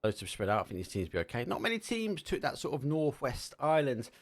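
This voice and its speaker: A man's voice: mid-range voice, huge pitch swings, fast talker. A man with an Essex accent commentating a live esports match, chatty and joking between calls. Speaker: esports caster.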